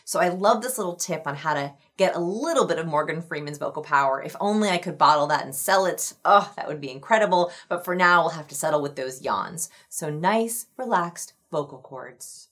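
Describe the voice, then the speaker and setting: Low-voiced woman coaching on camera. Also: fairly quick, few pauses, a bit bright. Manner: upbeat, instructive, coaching the viewer. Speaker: host of a video on likability. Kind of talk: scripted explainer to camera.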